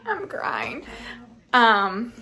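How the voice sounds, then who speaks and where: A woman's voice: a little high, wildly swooping pitch, extremely slow, creaky, a crowd in the background, rough recording. A woman chatting casually in her farm vlog, laughing often and talking straight to her handheld phone. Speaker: farm wife vlogger.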